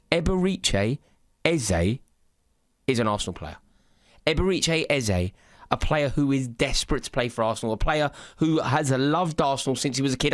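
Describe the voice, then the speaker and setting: Earnest fan, dry close sound. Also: male voice, mid-range voice, dry recording. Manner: eloquent, earnest, rhetorical. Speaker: football fan content creator. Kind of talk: passionate monologue to camera.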